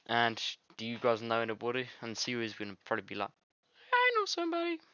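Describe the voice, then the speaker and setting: A man's voice: medium pitch, little pitch movement, quick pace, bright, forceful tone, smooth, no echo, dull audio. A man casually reading a visual novel aloud for a let's play, fumbling and self-mocking.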